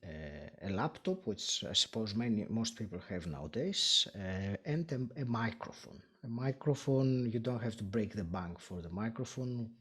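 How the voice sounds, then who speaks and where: Husky-voiced man explaining podcast gear. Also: fairly low pitch, expressive, sharp tone. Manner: explains step by step, pauses with fillers. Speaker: podcast guest. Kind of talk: conversational interview.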